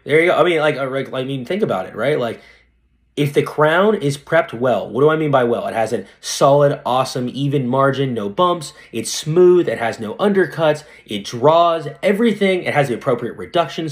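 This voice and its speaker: Excited young man talking fast. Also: a little high. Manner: animated, fast and slangy, lots of "dude" and "right?". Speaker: dentist, guest. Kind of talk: casual podcast conversation.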